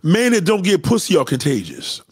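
A man on a livestream rants with loud, profane energy, often breaking into mocking impressions. His voice sits high and swings widely in pitch. The sound is dry and close, with no room around it. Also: normal speed, breathy edge, no room sound. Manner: loud, profane, animated ranting with mocking put-on quotes. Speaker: livestream host. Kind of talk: ranting livestream commentary.

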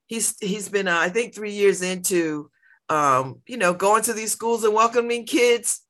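A middle-aged woman hosting a casual radio chat, laughing often and talking in a playful, animated way. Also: mid-range voice, unhurried. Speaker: radio host.

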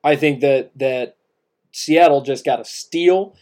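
A man's voice: medium pitch, slow pace, darkish tone. A man co-hosting a casual sports podcast, emphatic and repetitive, with many restarts. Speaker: podcast co-host.

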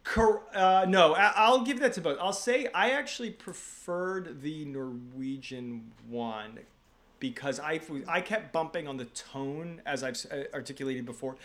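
A man from the United States hosting a casual movie review podcast, talking in animated, rambling bursts with frequent restarts. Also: fairly high pitch, a little slow. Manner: animated, rambling, self-correcting. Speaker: podcast host.

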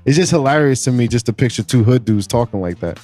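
Young male co-host, relaxed slangy chatter, animated pitch, soft music bed. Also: fast talker. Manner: laid-back, laughing, slangy banter. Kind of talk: casual chat among friends.

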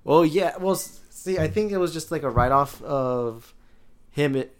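A young man chatting casually with friends, relaxed and hesitant, with lots of fillers. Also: fairly high pitch, moderate pace. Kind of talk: casual chat.

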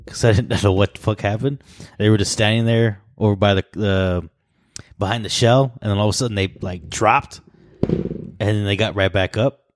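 A man's voice: on the low side, fairly even intonation, normal speed. A young man co-hosting a podcast in casual chat, swearing a lot and laughing as he tells stories. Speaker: podcast co-host.

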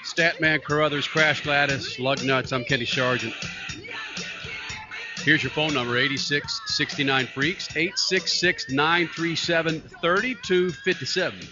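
A man hosting a sports talk radio show, fast and hyped, joking with his crew. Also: a little high, steady tone, over music. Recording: dull radio broadcast with faint noise.

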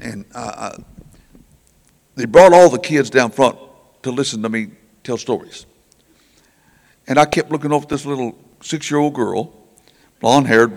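An older man tells revival stories in a folksy, homespun sermon, stumbling over his words and voicing the people he quotes. His voice is gravelly, sits in a middle pitch, and rings out in a large, reverberant church hall. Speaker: preacher telling revival stories.

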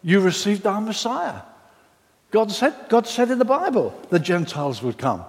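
A man's voice: high-pitched, sing-song, moderate pace. A man putting on a coaxing, overfriendly rule-giver. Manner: coaxing, falsely warm. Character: friendly, insistent male religious teachers adding rules. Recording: reverberant hall.

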